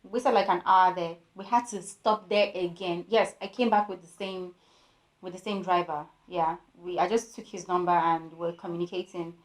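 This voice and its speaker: A woman's voice: fairly low pitch, normal speed, echoey room. A young woman telling a personal story for her vlog, acting out the voices of the people in it. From Nigeria. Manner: animated storytelling with voiced quotes. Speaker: vlogger.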